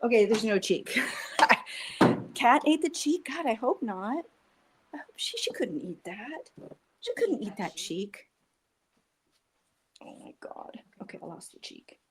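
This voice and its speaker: This time the older livestream host sounds very animated, her pitch fairly high, speaking slowly with long pauses against a noisy background. She chats casually and self-deprecatingly while narrating her puppet-making. She's first on a porch outdoors, then in her home workshop.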